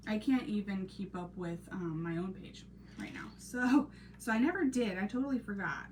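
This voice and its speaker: A woman in her thirties hosting a casual crafting live stream, chatting and greeting viewers by name, sometimes dropping to a soft half-whisper while she works. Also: medium pitch, moderate pace. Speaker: crafting channel host. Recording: distant mic with noisy background.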